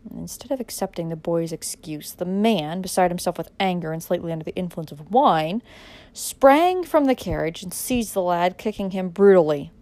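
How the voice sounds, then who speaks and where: Lower-voiced woman reading a dramatic story. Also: animated, moderate pace, hardly any pauses, a little mellow, no echo. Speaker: audiobook narrator. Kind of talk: dramatic audiobook narration.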